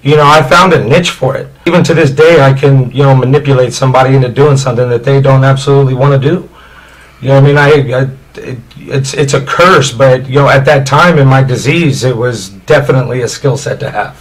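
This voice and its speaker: A man's voice: mid-range voice, a little fast, low-quality recording. A man from Indiana telling his life story as an interview guest, rambling and candid, with many "you know" fillers.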